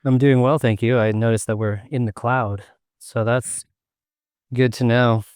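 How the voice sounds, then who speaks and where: A man's voice: medium pitch, fairly even intonation, a little slow, a little mellow, smooth, no echo, clean studio sound. A man from the United States, a sales consultant, speaking as a guest on a video call podcast in a rambling, jokey way. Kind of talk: interview conversation.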